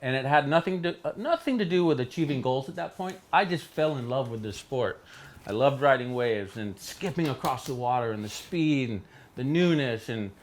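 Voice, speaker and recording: A middle-aged man from Hawaii, telling stories in a studio interview with animated delivery, jumping into voices for quoted people. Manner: animated, acts out quotes with big pitch jumps. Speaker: interview guest. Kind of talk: storytelling in a casual interview.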